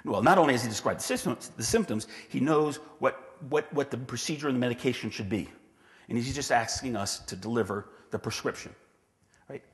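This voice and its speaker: A man's voice: mid-range voice, expressive, brisk. A man giving a conference talk who acts out quoted voices and often restarts his sentences, on a clip-on mic. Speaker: conference speaker. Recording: long reverb in a hall.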